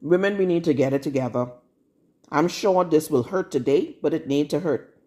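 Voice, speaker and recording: Woman, prophetess, streamed sermon, blunt, scolding, lowish voice. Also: normal speed, mellow. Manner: blunt, scolding, confrontational preaching.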